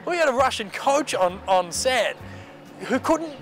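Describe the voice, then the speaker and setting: Actor talking freely between takes, bright and slightly high, with a soft music bed under him. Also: male voice, big pitch swings, a little slow. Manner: chatty, self-mocking, with fillers. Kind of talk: behind-the-scenes interview. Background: background music.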